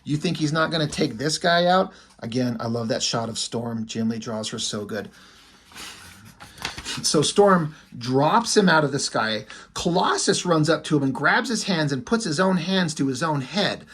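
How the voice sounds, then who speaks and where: A man's voice: a little high, lively intonation, normal speed, a bit bright, slightly rough. A man giving casual, profane commentary as he reviews a comic page by page, thinking aloud and lingering admiringly on the art.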